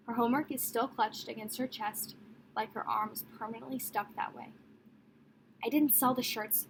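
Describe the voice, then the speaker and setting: A woman narrating a novel in the first person, in a measured, descriptive storytelling manner. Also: on the high side, background noise. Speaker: audiobook narrator.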